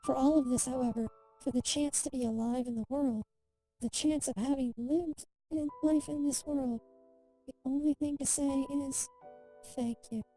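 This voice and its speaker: Woman reading a story in a mellow voice. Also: high-pitched, steady tone, moderate pace, faint music behind, rough recording. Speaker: streamer. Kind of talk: reading a game story aloud.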